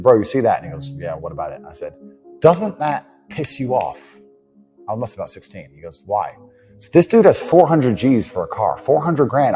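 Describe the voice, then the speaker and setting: A man's voice: mid-range voice, dark tone. Brash guy ranting about money, swears a lot, medium voice, bit of music behind. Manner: brash, blunt and profane, acts out quoted dialogue. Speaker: entrepreneur speaking on money. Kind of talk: motivational monologue.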